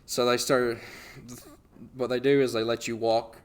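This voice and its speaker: Young man telling a lively anecdote. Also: medium pitch, measured pace, clean tone. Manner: animated anecdote telling, laughs often. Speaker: podcast host. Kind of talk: casual storytelling.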